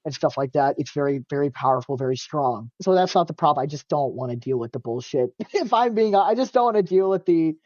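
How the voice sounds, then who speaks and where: Mellow-voiced man, casual and chatty. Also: on the high side, fairly quick, hardly any pauses, no room sound, highs cut off. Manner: casual, animated storytelling, heavy use of "like", swears freely. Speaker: podcast guest. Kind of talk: casual interview chat.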